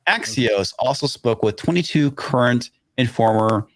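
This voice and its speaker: A man's voice: mid-range voice, expressive, unhurried, no echo. A man hosting a casual live stream, reading news articles aloud and rambling between them with stammers and swearing. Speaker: livestream host.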